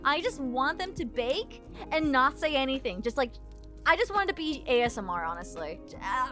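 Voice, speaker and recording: Young woman streamer yapping away, high bright voice, laughs a lot, faint music behind. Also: very animated. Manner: rambling, laughs often, quick bursts of shouting. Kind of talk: casual livestream chat.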